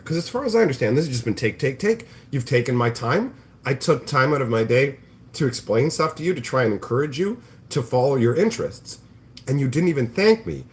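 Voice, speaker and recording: A man's voice: fairly high pitch, sing-song, brisk. Profane, sarcastic ranting man. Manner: profane, sarcastic, mocks others in put-on voices. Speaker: livestream host. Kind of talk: ranting casual livestream talk. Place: home kitchen, cooking bacon.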